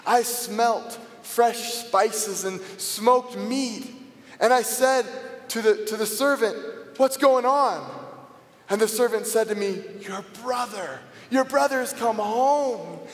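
A man with a high-pitched voice delivers a dramatic first-person biblical monologue at an unhurried pace. His manner is theatrical, moving between sarcasm and quiet reflection. The sound is roomy, with a long reverb from a large hall.

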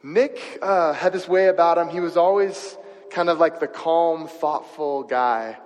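A pastor delivers a sermon, weaving in a personal story and talking conversationally while posing questions to his listeners. His voice is on the high side and unhurried, with the sound of a big room.

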